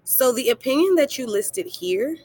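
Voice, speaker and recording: A woman's voice: high-pitched, animated, moderate pace, a little mellow, dry recording. A woman teacher talking students through a worksheet in a recorded lesson, asking questions and answering them herself, and reassuring them. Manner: encouraging, affectionate toward students. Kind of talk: recorded screen-share lesson.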